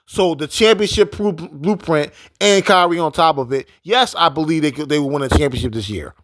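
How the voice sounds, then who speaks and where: A man's voice: on the high side, a bit bright, no echo. Heated man ranting about sports. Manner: emphatic, repetitive, heated. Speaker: sports commentator. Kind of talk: casual sports opinion rant.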